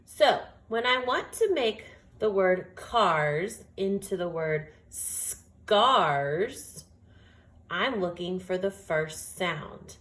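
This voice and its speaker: A woman teaching a phonics lesson, speaking slowly and carefully and sounding out each word. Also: medium pitch, animated, fairly bright tone. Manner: slow, deliberate, sounds out words.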